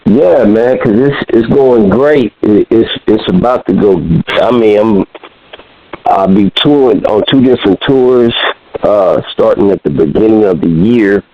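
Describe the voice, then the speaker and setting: A man being interviewed about his comedy career, speaking in a relaxed, halting way with many fillers. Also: fairly low pitch. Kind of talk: casual interview. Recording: dull lo-fi radio sound.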